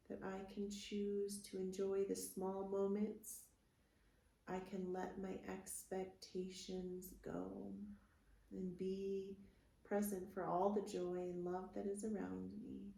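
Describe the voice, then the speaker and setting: Woman yoga instructor, slow soothing guidance, roomy sound from a distance. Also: medium pitch, creaky. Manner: soft, soothing guidance with gentle affirmations. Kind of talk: guided restorative yoga class.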